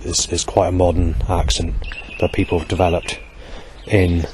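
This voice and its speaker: A man with a very low, deep voice, talking in a meandering monologue. He hesitates often and drifts between points, with a faint hiss of background noise. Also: level tone, moderate pace, darkish tone. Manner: hesitant, digressive, many fillers and restarts. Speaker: vlogger. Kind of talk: rambling monologue.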